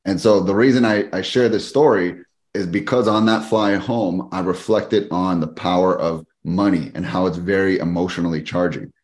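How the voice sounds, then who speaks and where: A middle-aged man with a very low, deep voice guests on a podcast and tells a story, keeping it quick and animated while acting out the people he quotes. His tone is casual and conversational, and he owns a fitness business.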